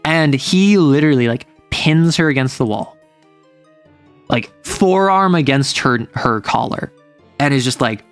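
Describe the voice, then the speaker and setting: A man's voice: medium pitch, lively intonation, unhurried, clean tone, faint music behind. A man streaming from home, casually retelling his tabletop game session in a rambling way full of fillers and self-corrections.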